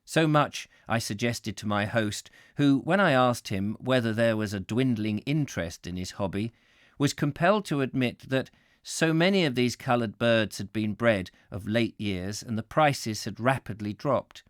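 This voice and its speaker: A man's voice: mid-range voice, animated, moderate pace, no echo, studio quality. A man hosting a live book reading, chatting between passages and laughing at his own slips over words. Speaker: host reading a book aloud. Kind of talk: live-streamed book reading with chat asides.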